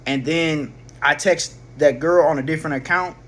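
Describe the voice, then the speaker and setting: A man's voice: fairly high pitch, moderate pace, fairly bright tone. A man casually telling a personal story, rambling with slang, swearing and frequent restarts. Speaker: vlogger.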